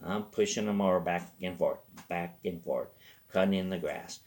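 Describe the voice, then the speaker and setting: Low gravelly guy, rambly comic storyteller, keeps going off track. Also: moderate pace, darkish tone. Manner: rambling, self-interrupting. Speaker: host. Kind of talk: comedic storytelling.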